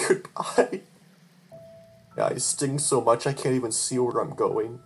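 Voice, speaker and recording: A narrator telling a first-person horror tale with raw, tearful emotion that breaks into frantic outbursts. The voice sits at a middling pitch, and clear guitar music plays steadily behind it. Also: measured pace, pauses often. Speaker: storyteller.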